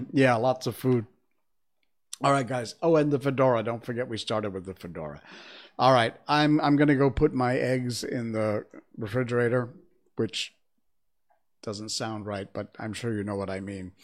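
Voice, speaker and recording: A man hosting a livestream, reading a storybook aloud and chatting casually with viewers. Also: medium pitch. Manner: chatty, laughing, animated. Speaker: livestream host and reader.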